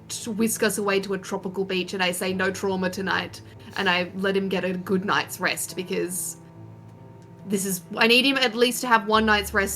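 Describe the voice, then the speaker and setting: A woman playing a tabletop game, quick and self-correcting. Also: mid-range voice, pushed and bright. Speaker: player.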